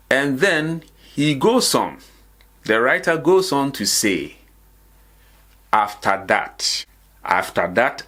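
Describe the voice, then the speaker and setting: A man's voice: lowish voice, fairly bright tone. A man teaching a beginners' language lesson, saying each phrase several times and asking and answering his own questions. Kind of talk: slow repetitive language lesson.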